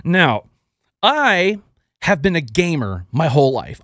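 High-voiced, joking male radio host. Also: a little slow, no echo, studio quality. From Houston, Texas. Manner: energetic, joking, self-deprecating. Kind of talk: casual radio show opening.

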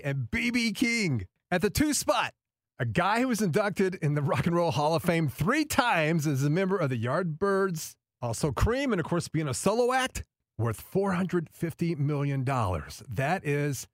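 A man's voice: on the high side, no echo, studio quality. A man hosting a radio podcast, reading a countdown list in an upbeat, chatty way. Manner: upbeat, chatty, repeats "of course". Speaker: radio host.

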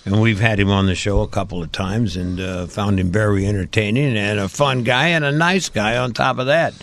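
A man's voice: on the low side, a little fast, a bit bright. A man hosting a talk show, introducing and questioning a guest in a plain, friendly way. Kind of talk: casual talk-show chat.

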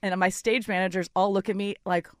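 A woman sideline reporter, guesting in a radio studio, tells a funny story in casual chat with a mid-range, slightly fast voice and no room sound. She is animated, laughs often and quotes herself and others in dialogue.

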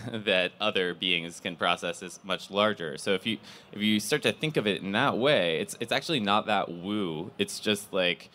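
Deep-voiced man moderating a panel. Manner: rambling, restarts often, animated when telling stories. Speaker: panel moderator, company CEO. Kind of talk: casual panel discussion.

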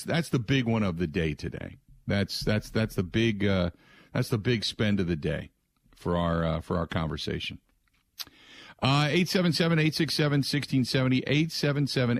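Male sports radio host, animated rhetorical monologue, close dry studio mic. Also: on the low side, no room sound. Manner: animated and rhetorical, mocking the answers he expects.

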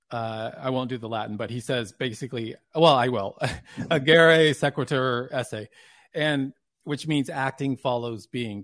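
A man hosting a podcast, asking his guest casual follow-up questions. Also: medium pitch. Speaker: podcast host. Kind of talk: interviewing a guest.

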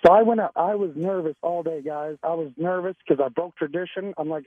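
A man's voice: fairly high pitch, brisk, few pauses, dry recording. A man calling in to a radio show, rambling and stammering with emotion. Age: 40s. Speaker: caller. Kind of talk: excited call-in chat. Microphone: telephone. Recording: tinny phone line.

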